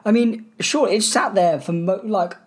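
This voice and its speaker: A woman's voice: mid-range voice, measured pace, a little hiss or hum. A woman co-hosting a podcast, chatting casually with frequent laughter and playful rants. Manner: laughing, ranting, animated. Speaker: podcast co-host. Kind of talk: casual chat.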